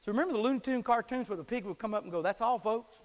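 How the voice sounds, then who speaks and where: A man preaching a sermon, swinging from shouting to hushed tones. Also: extremely high pitch, rapid-fire, big-room sound. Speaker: pastor. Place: church sanctuary.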